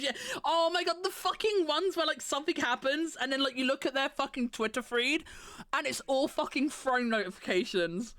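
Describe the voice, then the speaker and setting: Woman streamer, sweary sarcastic ranter, high-pitched, dry recording. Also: moderate pace, a bit bright, dry recording. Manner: ranting, sweary, sarcastic mock voices. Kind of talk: casual stream chat.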